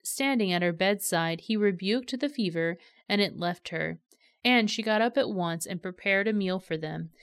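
A woman reads scripture aloud in a steady, measured way. Her voice is smooth and resonant, and the recording is dry and close with no room echo. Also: mid-range voice. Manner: steady, measured storytelling delivery. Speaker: scripture reader.

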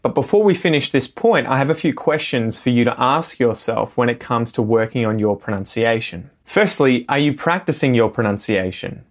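Australian man, podcast co-host, mid-pitched voice, clear steady teaching. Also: normal speed, few pauses. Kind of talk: podcast lesson talk.

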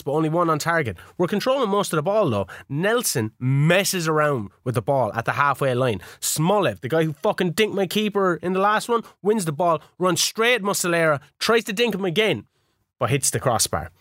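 A man's voice: a little high, sing-song, normal speed, fairly bright tone, dry recording, studio quality. A man co-hosting a casual podcast, recounting his video-game matches with plenty of swearing. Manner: swears freely, storytelling match recaps. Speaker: podcast co-host. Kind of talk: casual chat.

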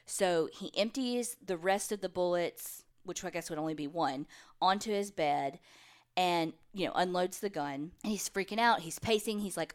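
A woman's voice: lowish voice, moderate pace. A woman co-hosting a podcast, casually retelling a true crime case and briefly voicing the people in it. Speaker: podcast co-host.

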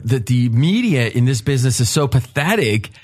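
A man hosting a betting podcast roundtable, telling stories in an animated way and laughing often. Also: medium pitch, normal speed. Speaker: podcast host. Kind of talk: casual roundtable talk.

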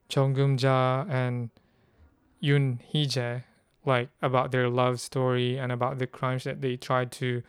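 A man's voice: mid-range voice, smooth, no echo, clean studio sound. A man from the Philippines, hosting a casual solo podcast and thinking aloud with many fillers. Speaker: podcast host.

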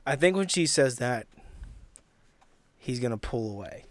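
A man's voice: mid-range voice, animated, measured pace. A man playing a tabletop role-playing game, thinking aloud about his character with hesitant restarts. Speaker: player. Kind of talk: tabletop role-play, casual.

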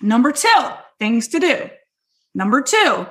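A woman with a high voice teaches sales skills with loud, hyped-up energy. She speaks emphatically and keeps turning to her listeners, asking if it makes sense, in an upbeat coaching style. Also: expressive. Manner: loud and hypey; quick, emphatic, addresses listeners directly.

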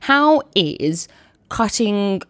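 A woman hosting a casual panel discussion, quick and animated, often repeating words as she starts a thought. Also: mid-range voice, dry recording. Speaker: podcast host.

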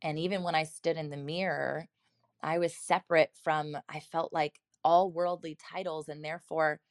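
A woman's voice: low-pitched, steady tone, moderate pace, no room sound, clean studio sound. A woman in her thirties telling a personal story in an earnest, reflective way, speaking directly to her listeners.

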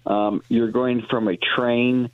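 A man in his sixties, a deli owner calling in to a radio show, talking in a halting way with many restarts. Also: medium pitch, little pitch movement, smooth, no room sound. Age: 60s. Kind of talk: casual radio interview on the phone. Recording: dry tinny phone line.

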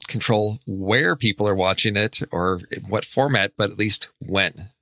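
A man's voice: lowish voice, a little slow, bright, forceful tone, no echo. A man co-hosting a casual movie podcast, talking in a rambling way with many restarts. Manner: rambling, restarts, frequent laughs. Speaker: podcast co-host.

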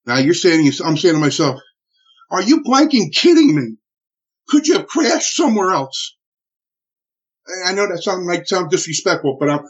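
A man recounting a personal ordeal in an interview, animated and full of restarts and acted-out quotes. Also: high voice, normal speed, pauses often, husky. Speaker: interviewee telling a personal story. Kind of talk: emotional spoken recollection. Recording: dull lo-fi recording.

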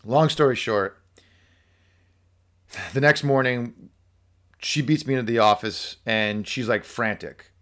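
A man telling a workplace story in casual conversation, animated and full of fillers like "like" and "so". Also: medium pitch, takes it slowly, pauses often. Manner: animated storyteller acting out quotes, many fillers. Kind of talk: casual podcast chat.

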